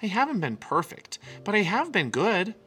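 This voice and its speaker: A man's voice: high-pitched, very animated, moderate pace, pushed and bright, soft background music, voice pushed up, full character voice. A man doing an eager little girl bear cub. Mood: nervous. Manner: eager, pleading.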